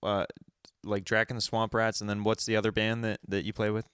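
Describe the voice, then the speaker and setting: Friendly low-voiced male podcast host. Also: level tone, brisk, fairly bright tone, clean tone, no room sound, studio quality. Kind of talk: casual interview chat.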